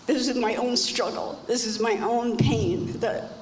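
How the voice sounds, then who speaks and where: A woman's voice: a little high, fairly even intonation, unhurried, darkish tone, a little hiss or hum. An older woman speaks in a raised, earnest voice as she gives a personal testimony on a church panel. She stresses her points by repeating phrases. Her words ring out in an echoey hall with a long tail. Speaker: panel guest. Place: church stage.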